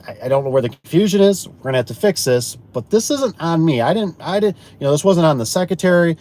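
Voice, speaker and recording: A man's voice: on the high side, fast talker. A man who installs garage doors, chatting casually about jobs and acting out what customers and co-workers said, often repeating words as he restarts a sentence. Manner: animated, acts out quoted customers and himself. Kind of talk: casual storytelling chat.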